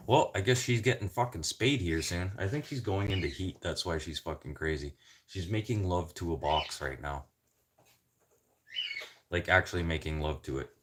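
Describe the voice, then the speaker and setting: A man's voice: low-pitched, normal speed, fairly bright tone. A man from the Canadian prairies chatting casually in a rambling, joking way, swearing constantly. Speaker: vlogger.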